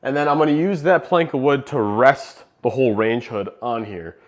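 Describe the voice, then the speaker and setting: A man's voice: mid-range voice, normal speed. A young man from New Hampshire chatting to camera in a casual home vlog, joking as he works. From New Hampshire, USA. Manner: chatty, jokey, talks to camera while working. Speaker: fish-keeping vlogger. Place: home basement and rooms.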